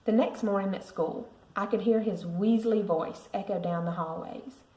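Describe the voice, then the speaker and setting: A woman, a parent, reading a picture book aloud to a school class with lively expression. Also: lowish voice. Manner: expressive storytelling. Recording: roomy echo.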